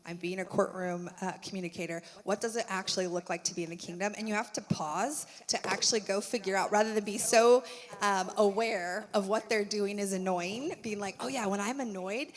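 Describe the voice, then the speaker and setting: A woman speaking at a church conference in a lively, chatty way, peppering her talk with "like". She acts out quoted thoughts as she goes. Her voice rings out with a long auditorium reverb. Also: medium pitch, brisk. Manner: animated, full of "like", acts out quotes. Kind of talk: conversational stage talk. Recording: long reverb of a large hall.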